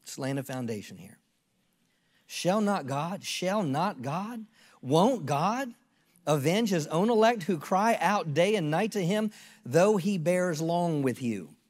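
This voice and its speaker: A man's voice: a little high, expressive, takes it slowly, darkish tone, big-room sound. A pastor in his fifties preaching a sermon, earnest and repeating phrases for emphasis.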